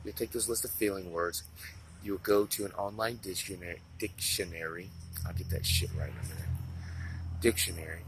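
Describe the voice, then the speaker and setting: A man with a very low voice talks through self-help advice in a loose, unscripted way. He is blunt and swears constantly, doubling back on his own sentences. A steady wash of noise sits clearly behind him. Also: moderate pace. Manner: blunt, swears a lot, rambling with restarts. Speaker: self-help video maker. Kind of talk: casual unscripted talk to camera.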